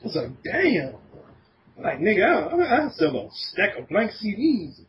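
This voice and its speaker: A high, lively male voice spins a rambling, profane story in a relaxed podcast chat. The audio sounds dull and lo-fi, with a faint hiss underneath. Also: a little slow. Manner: animated, laughing, profane storytelling. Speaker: podcast guest.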